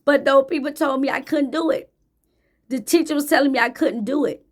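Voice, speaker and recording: A woman with a high-pitched voice gives a faith-based motivational talk to camera, speaking a little fast. She is emphatic and preachy, repeating phrases for emphasis.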